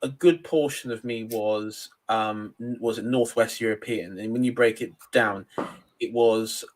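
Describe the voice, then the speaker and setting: A man from Cornwall with a middle-class English accent, chatting as a podcast guest and pausing often with ums and uhs. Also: lowish voice, steady tone. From Cornwall, England. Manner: hesitant, lots of ums and uhs. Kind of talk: casual podcast chat.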